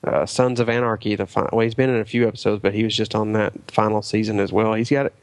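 A man's voice: lowish voice, level tone, quick pace, no echo. A man co-hosting a casual podcast chat, making dry, wry remarks. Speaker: podcast co-host.

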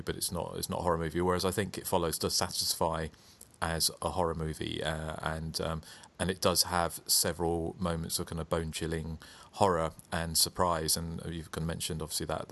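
A man's voice: sits low, monotone, fairly quick, creaky, few pauses, a bit bright. A man co-hosting a podcast, discussing films in a rambling way with many hesitations over a remote call. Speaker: podcast co-host. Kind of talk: casual film discussion.

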